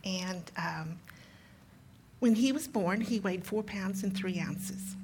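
Woman in her sixties, church testimony, halting with ums, mid-pitched, faint background noise. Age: 60s. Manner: warm storytelling with frequent ums and restarts. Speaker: guest speaker, pastor's mother.

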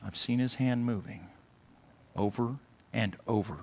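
In an unhurried, medium-pitched voice, this male pastor delivers his sermon conversationally, alternating loud emphatic outbursts with quiet asides. Every so often he imitates whining voices to get a laugh.

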